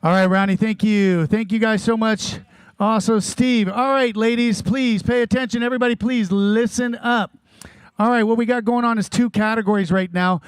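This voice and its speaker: A man's voice: high-pitched, steady tone, normal speed, smooth, dry recording. A man losing his voice gives plain instructions and standings to racers at a bike race. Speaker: race official. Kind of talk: announcements to racers.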